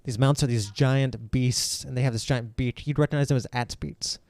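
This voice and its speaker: A man's voice: medium pitch, steady tone, moderate pace, a little mellow, dry recording. A man narrating a tabletop game as game master, rambling with lots of fillers and restarts.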